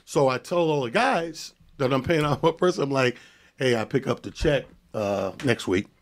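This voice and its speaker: A male comedian telling a story on a podcast in an animated, profane way, acting out the dialogue. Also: mid-range voice, normal speed. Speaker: comedian guest.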